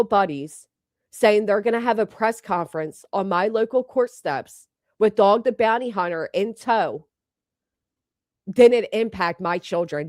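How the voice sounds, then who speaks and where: A woman's voice: mid-range voice, moderate pace, a little mellow, no room sound. Middle-aged woman ranting on her livestream, swears a lot, dry close sound. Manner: blunt and profane, reads viewer names. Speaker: livestream host. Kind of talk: heated livestream commentary.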